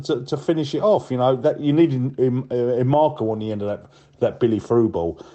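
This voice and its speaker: A man's voice: mid-range voice, moderate pace, dark tone, muffled recording. A man leaving a voicemail, ranting bluntly and with frustration, swearing and saying mate often.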